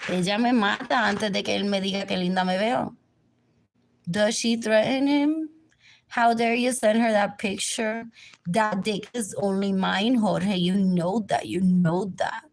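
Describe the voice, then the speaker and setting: Gravelly woman rambling on a livestream. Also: medium pitch, fairly even intonation, unhurried. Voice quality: repetitive, drifting between topics.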